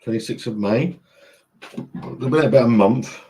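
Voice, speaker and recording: A man with a warm, medium-pitched voice hosts a laid-back livestream at home near an open window, talking at a moderate pace. He wanders from topic to topic, swears casually, and reads chat messages aloud.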